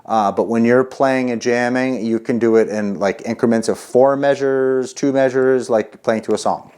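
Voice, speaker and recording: A man teaching a casual drum lesson, chatty and relaxed, counting rhythms out loud. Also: mid-range voice, moderate pace, clean tone. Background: drum kit playing.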